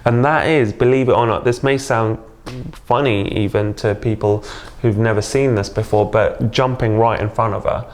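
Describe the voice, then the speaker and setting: Male guest, low-ish voice, easygoing and earnest, chatty interview. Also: fairly even intonation, moderate pace, hardly any pauses. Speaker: dating coach guest. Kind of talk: casual interview.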